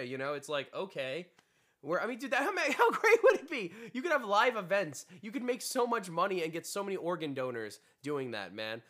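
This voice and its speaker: Lively high-voiced man riffing casually. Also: a little fast. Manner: animated, jumps into mock voices and laughs often. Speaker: podcast co-host. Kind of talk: casual banter among friends.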